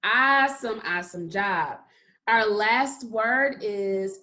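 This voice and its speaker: A woman teaching a phonics lesson to young children, speaking in a slow, encouraging way and stretching out the sounds of words. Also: medium pitch, animated, fairly bright tone. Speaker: kindergarten teacher.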